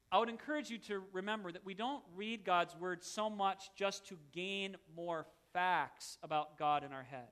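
A man's voice: fairly high pitch, fairly bright tone, clean tone. A middle-aged man, a pastor, preaching a sermon in an earnest, conversational way with self-deprecating asides.

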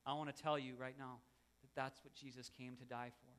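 A man's voice: mid-range voice, little pitch movement, brisk, fairly bright tone, clean tone. A middle-aged man, a pastor, preaching a sermon in an earnest, conversational way with self-deprecating asides.

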